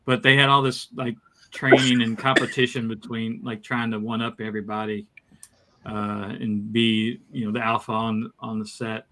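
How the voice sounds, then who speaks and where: A man's voice: on the low side, moderate pace, noisy background. A man co-hosting a casual movie podcast, telling behind-the-scenes stories with lots of restarts. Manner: animated storytelling with many restarts. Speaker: podcast co-host.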